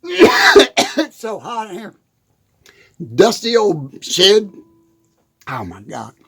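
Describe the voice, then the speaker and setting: A man's voice: very high-pitched, fairly bright tone. A man rambling through a comic monologue in a hot, dusty shed. He giggles through his words and keeps stumbling over them. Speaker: country comedian.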